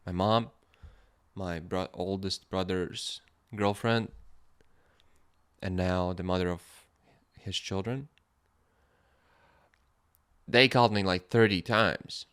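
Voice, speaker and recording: A man hosting a podcast, telling a personal story in a casual monologue, animated and laughing in places, quiet and reflective in others. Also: deep voice, clean tone. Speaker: podcast host.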